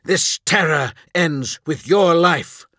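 A man voicing a stern, wrathful superhuman male warrior in an audiobook, speaking in a grim, contemptuous, measured way. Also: on the high side, bright, forceful tone, no echo, studio quality, voice pushed up. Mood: grim threat.

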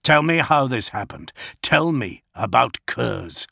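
A man's voice: mid-range voice, very animated, takes it slowly, creaky, bright, forceful tone, no echo, studio quality, exaggerated voice. A man voicing an angry, commanding male lord who accuses sharply.

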